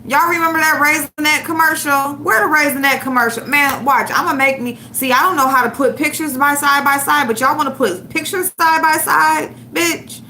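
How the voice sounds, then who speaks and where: A woman's high, pushed, bright voice runs at a moderate pace with fairly even intonation and hardly any pauses, over slight background noise. She hosts a ranting online show, mocking and trash-talking someone profanely as she hunts for a clip for viewers.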